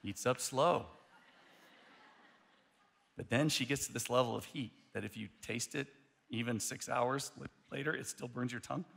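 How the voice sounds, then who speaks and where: A male pastor preaching a sermon, telling a story in an animated way, often restarting his sentences. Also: medium pitch, moderate pace, vocal fry, pauses often.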